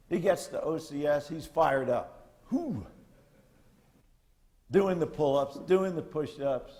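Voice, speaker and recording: An older man speaks as a retired Marine general addressing cadets, blunt and folksy, with salty military asides. His voice sits somewhat high for a man, and he talks to a lecture hall. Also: a little mellow.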